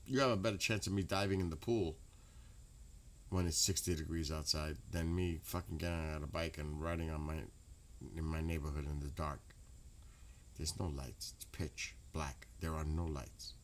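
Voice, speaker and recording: A very deep-voiced man rambles through a late-night stream chat. He swears freely and breaks into loud laughter now and then. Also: steady tone, moderate pace, slight background noise. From New York. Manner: rambling, profane, laughs loudly.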